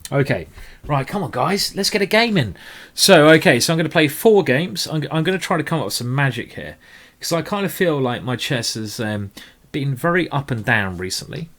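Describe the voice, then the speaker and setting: A man's voice: fairly high pitch, expressive, normal speed, fairly bright tone. Rambling man commentating chess. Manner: rambling, emotional, tipsy asides. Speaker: chess streamer. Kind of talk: live blitz chess commentary.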